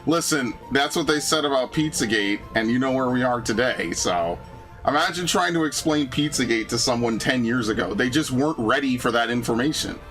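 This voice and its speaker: A young man rants in a loose, profane chat, his pitch leaping up and down as he gets worked up. Faint music plays quietly behind him. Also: brisk. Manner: animated ranting, profane, frequent "bro" and "dude". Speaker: gaming channel host. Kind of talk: casual chat over gameplay.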